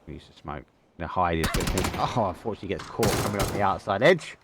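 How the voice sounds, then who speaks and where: A young man with an Essex accent calls an esports match live, his voice sitting a little low. He gets excitable and talks in quick bursts, peppered with casual slang. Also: background noise. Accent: Essex English. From England, Essex. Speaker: esports caster. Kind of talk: live game commentary.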